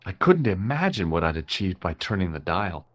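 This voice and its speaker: A wry hero in a game, narrating with dry sarcasm. His pitch moves in animated ups and downs. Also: normal speed, full character voice. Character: wry American tourist-detective hero.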